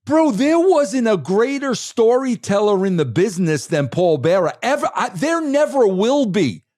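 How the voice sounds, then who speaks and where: A man talks casually and emphatically in a podcast interview, rambling and tossing in "bro" at every turn. His voice sits on the higher side for a man. The recording is close and dry, with no room sound. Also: big pitch swings, normal speed, darkish tone, dry recording. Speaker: former wrestling head writer, guest.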